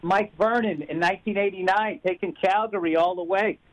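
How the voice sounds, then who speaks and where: A man's voice: high voice, fairly even intonation, a little fast, poor audio. A man, a comedian guest, chatting easily on a radio talk show from a remote line. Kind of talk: casual interview chat.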